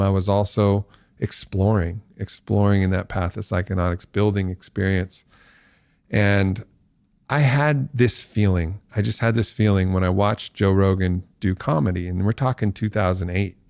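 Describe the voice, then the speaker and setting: A man's voice: fairly low pitch, moderate pace, gravelly, darkish tone, no room sound, clean studio sound. A man as a podcast guest, telling a long story and acting out the voices of people he quotes.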